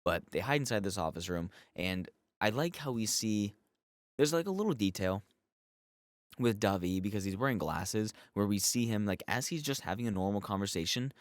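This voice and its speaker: Dude rambling thru a show recap, swears a lot, says like constantly, lowish voice, dry sound. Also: male voice, expressive, moderate pace, no echo. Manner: profane, rambling, full of "like" fillers. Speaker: YouTube show reviewer. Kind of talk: casual episode recap.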